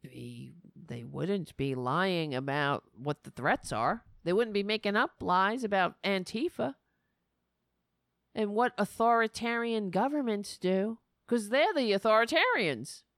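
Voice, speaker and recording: A woman's voice: mid-range voice, expressive, unhurried, gravelly, dry recording, clean studio sound. A woman hosting a political talk show, ranting with sarcastic, indignant anger and frequent swearing. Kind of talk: angry political commentary.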